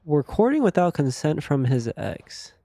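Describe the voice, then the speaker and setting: A man's voice: fairly high pitch, big pitch swings, unhurried, creaky, dark tone, dry recording, studio quality. A man live-streaming a game, chatting casually and crudely with his audience in a rambling way. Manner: rambling, crude, laughs easily.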